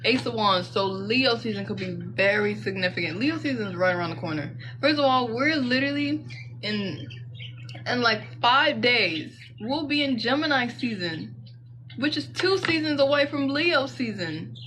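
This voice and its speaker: A woman's voice: on the high side, lively intonation, moderate pace, noisy background. Chatty young woman reading tarot. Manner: chatty, slangy, rambling asides. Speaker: tarot reader. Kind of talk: casual tarot reading chat.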